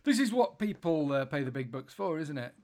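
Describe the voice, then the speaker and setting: A man's voice: a little high, sing-song, brisk, darkish tone. A man hosting a casual podcast chat at a computer, joking and self-mocking as he mutters his way through a call setup. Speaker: podcast host. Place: indoors at a computer, recording a call.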